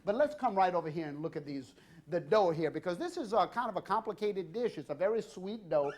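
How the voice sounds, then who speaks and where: Jovial high-voiced chef. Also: male voice, expressive, fairly quick. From Louisiana. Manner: jovial and chatty, jokes with guests and crew, warm banter; loose unscripted delivery with many fillers. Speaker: TV cooking show host and chef. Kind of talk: live cooking demonstration.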